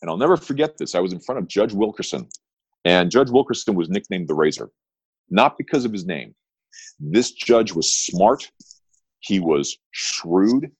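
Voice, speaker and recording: The man's deep voice is expressive and slightly rough, moving at a moderate pace on a rough recording with no echo. Middle-aged and an attorney, he's an interview guest telling stories full of emphatic, punchy, repeated phrases.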